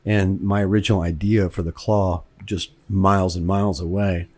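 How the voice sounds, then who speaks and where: This man, a filmmaker from Kentucky in the U.S., gives a chatty, wandering commentary on his movie and repeats words mid-thought. His voice is low-pitched and darkish, delivered flatly at a moderate pace.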